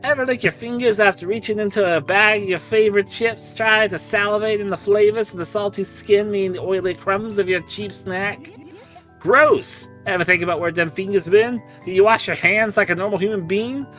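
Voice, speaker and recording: A high, bright-toned hillbilly tomato farmer that a man puts on rambles in a slow Southern drawl. He jumps from one crude, oddball thought to the next. Faint music plays underneath. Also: fairly even intonation. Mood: folksy. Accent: put-on Southern US drawl. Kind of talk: voicing a game character while streaming.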